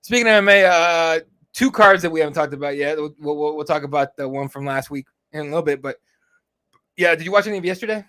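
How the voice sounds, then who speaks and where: A man's voice: on the high side, fast, sharp tone, clear, resonant tone. A man in his thirties co-hosting a podcast, telling long family stories in casual, profane chat. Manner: profane, rambling storyteller. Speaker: podcast co-host.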